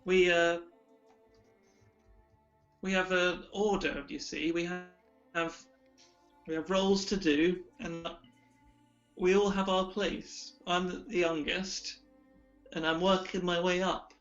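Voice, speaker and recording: A man playing a timid young gatekeeper, halting. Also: high voice, little pitch movement, fairly bright tone, faint music behind. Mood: nervous. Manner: hesitant, halting, full of pauses. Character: nervous young male mountain gatekeeper, awkward and mournful. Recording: dull lo-fi recording.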